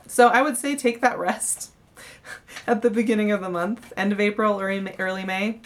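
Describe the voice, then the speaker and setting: A woman's voice: medium pitch, fairly even intonation, normal speed. A young woman giving a casual monthly tarot reading, chatty, with frequent fillers and restarts. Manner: chatty, warm-hearted, many fillers and restarts. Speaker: tarot reader.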